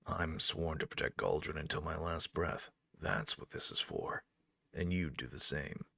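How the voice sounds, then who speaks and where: A dying veteran champion who speaks in plain, steady words, as a male narrator voices the hero. The voice is low and gravelly and sits close and dry. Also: unhurried, dry recording, heavily acted. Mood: resolute.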